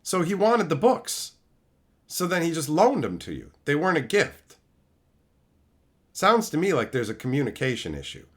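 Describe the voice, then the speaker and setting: A man's voice: on the high side, huge pitch swings, moderate pace, pauses often, a bit bright. A man hosting a livestream, ranting bluntly and swearing constantly as he answers chat and acts out both sides of an argument. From America. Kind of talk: casual profane livestream rant.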